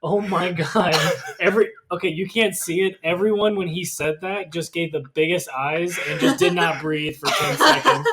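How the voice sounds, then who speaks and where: A man with a somewhat raised voice chips in with teasing remarks as a podcast co-host. Clear background noise sits behind his voice. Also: sits high, fairly even intonation. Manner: teasing, quick interjections. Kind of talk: casual chat.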